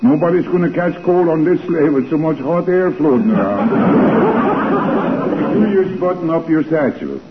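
A man's voice: fairly high pitch, very animated, a little slow, a loud crowd. An actor playing a drowsy Swedish man with a heavy Swedish accent and dry, sleepy quips, in a 1940s radio comedy. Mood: wry. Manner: sleepy, wry. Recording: tinny old radio broadcast with hiss.

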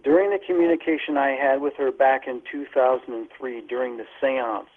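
A man's voice: mid-range voice, steady tone, a little fast. A man being interviewed by phone, explaining paranormal recordings in a matter-of-fact way. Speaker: guest, paranormal investigator. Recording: tinny phone line.

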